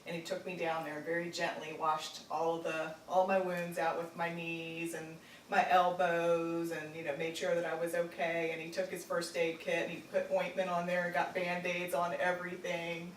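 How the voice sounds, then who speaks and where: A woman from Virginia telling a personal family story, halting with many fillers and restarts. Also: on the low side, monotone. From Virginia, United States. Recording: roomy echo, distant mic, faint noise.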